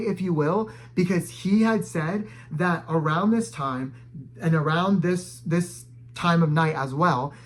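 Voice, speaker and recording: Young adult male storyteller, a bit high-pitched, animated and dramatic, filler-heavy casual delivery. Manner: animated, dramatic storytelling with frequent "like" fillers and sudden loud bursts. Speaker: storytime vlogger.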